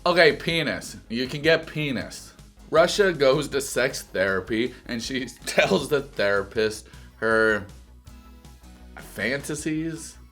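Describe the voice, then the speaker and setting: A man's voice: medium pitch, animated, slow, a bit bright, faint music behind. A man giving crude, profane, joking commentary while reviewing a reality TV show. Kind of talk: comedic reaction commentary.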